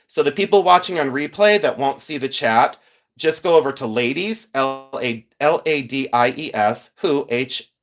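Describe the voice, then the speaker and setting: Animated, chatty man hosting a livestream. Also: on the high side. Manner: chatty, reads viewer names aloud, laughs often. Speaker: livestream host sorting jewelry. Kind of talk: casual livestream chat.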